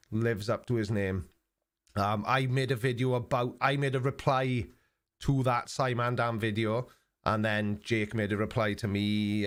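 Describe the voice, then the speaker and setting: An older Englishman chats casually on his live stream, reading viewer comments aloud in a clear, resonant, medium-pitched voice. His banter is dry and sarcastic, sprinkled with mock-offended asides.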